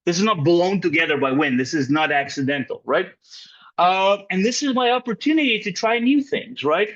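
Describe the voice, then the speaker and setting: A fairly high-voiced man walks a group through a poem during a writing workshop. His talk is lively, his pitch jumps up and down, and he keeps tagging his points with a quick question to the listeners. The recording is muffled and lo-fi. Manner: checks in with frequent "right?" tags; animated, pitch jumping up and down. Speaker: poetry workshop leader.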